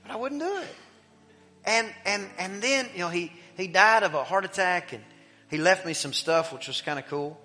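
A middle-aged man preaching in a church, telling a personal story in an animated way that swings between loud emphasis and hushed, quiet passages. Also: high voice, normal speed. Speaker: pastor. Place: church sanctuary. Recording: long hall reverb with faint music.

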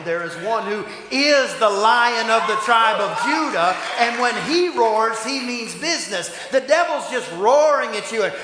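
A man preaching a sermon as pastor, leading call-and-response and swinging from shouted peaks to quiet asides. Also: high-pitched. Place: church sanctuary. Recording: echoey church hall.

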